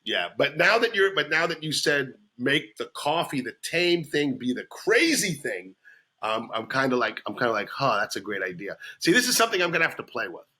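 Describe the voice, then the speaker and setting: A man co-hosting a comedy podcast in casual chat, quickly agreeing, laughing and stammering into restarts. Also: a little high, big pitch swings, bright, forceful tone, breathy edge.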